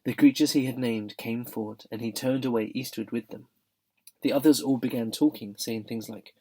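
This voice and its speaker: A man's voice: mid-range voice, steady tone, normal speed, warm tone, husky. A man reading a children's novel aloud, narrating steadily with some expression. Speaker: reader. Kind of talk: audiobook narration.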